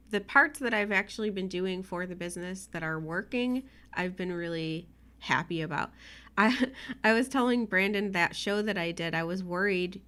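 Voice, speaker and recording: A woman's voice: medium pitch, fairly bright tone. A young woman co-hosting a casual podcast chat, emotional and teary, often laughing. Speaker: podcast co-host.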